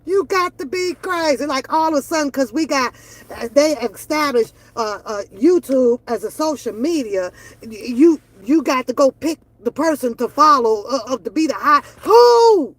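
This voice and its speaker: A woman's voice: high-pitched, normal speed, a bit bright. A woman, ranting bluntly and profanely on her reaction channel. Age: 40s. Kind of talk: casual opinion rant.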